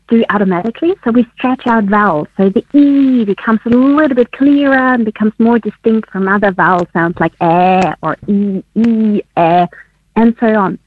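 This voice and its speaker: Husky woman on a phone line. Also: medium pitch, no echo. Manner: laughs often while explaining. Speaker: guest researcher. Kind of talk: explaining research on radio. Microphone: phone call.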